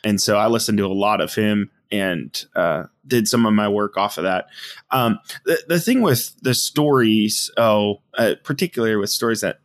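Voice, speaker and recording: Hesitant low-voiced man, dry sound. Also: moderate pace, no room sound. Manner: hesitant, many filler sounds. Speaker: songwriter. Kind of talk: casual group discussion.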